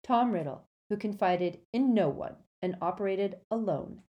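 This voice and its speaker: A woman narrating a storybook in a steady, measured way. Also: medium pitch, dull audio.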